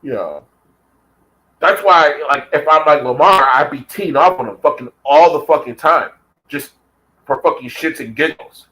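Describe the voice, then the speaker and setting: A man's voice: a little high, lively intonation, a little slow, bright, forceful tone, rough recording. A man ranting heatedly in a casual vlog, swearing constantly and repeating himself for emphasis. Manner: heated, profane, repetitive. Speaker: vlogger. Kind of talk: profane rant.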